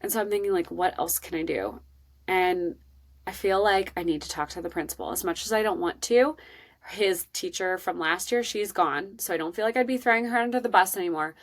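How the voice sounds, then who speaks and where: A woman hosting a podcast, telling a personal parenting story in an earnest, emotional and expressive way. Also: mid-range voice. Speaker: podcast host.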